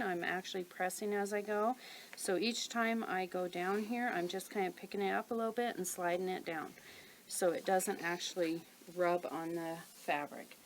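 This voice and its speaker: A woman calmly talking through a sewing tutorial step by step while she works. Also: mid-range voice, slight background noise, poor audio. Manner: calm, methodical, talks while working. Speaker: quilting instructor.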